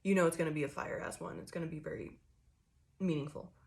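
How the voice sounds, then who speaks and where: A woman's voice: deep voice, fast talker. A woman giving a casual tarot reading into a desk microphone, swearing freely and laughing often. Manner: profane, animated, laughs often, acts out quoted people. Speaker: tarot reader. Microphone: desk microphone that picks up card shuffling.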